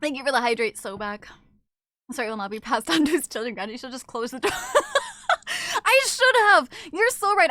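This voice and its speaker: Young woman streamer, high bright voice, giggly, swears a lot, dry close mic. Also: big pitch swings, normal speed, no echo. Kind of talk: casual gaming stream chat.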